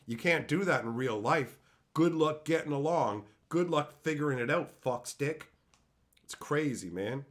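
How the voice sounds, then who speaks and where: A man's voice: a little high, expressive, a little slow. Profane, scornful ranting man. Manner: profane, scornful ranting with mocking put-on voices. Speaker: streamer. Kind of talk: ranting commentary.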